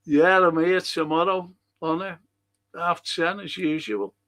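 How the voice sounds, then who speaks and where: A man's voice: on the high side, fairly even intonation, a little slow, fairly bright tone. An older man hosting a podcast, chatting in a rambling way and answering listener messages. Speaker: podcast host. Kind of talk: casual chat reading listener messages.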